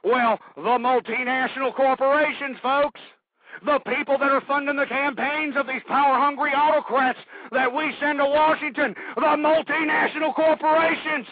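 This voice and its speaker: A man hosting a political talk radio show, ranting angrily, shouting at times and breathing hard, calling his listeners "folks". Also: very high-pitched, no echo. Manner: angry, shouting, repeatedly addressing "folks". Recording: tinny phone-like lo-fi audio.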